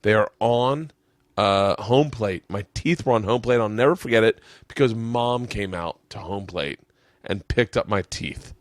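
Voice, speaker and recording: A man hosting a podcast, telling a story in casual chat, animated and swearing, his voice jumping up when he quotes himself. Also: on the low side, measured pace, no room sound, studio quality. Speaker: podcast host. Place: room with family around.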